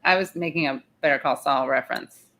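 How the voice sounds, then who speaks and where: A woman with a low voice hosts a casual live chat. She sounds tired and rambles, circling back and breaking off her own sentences as she thinks aloud. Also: a little fast, pushed and bright. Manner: chatty, rambling, self-interrupting. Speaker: show host. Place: in the city, not her usual spot.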